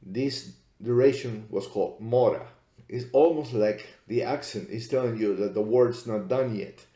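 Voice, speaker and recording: A man's voice: mid-range voice, measured pace, mellow. A man giving a methodical explanatory lecture, spelling out letters one by one. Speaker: teacher. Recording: echoey room.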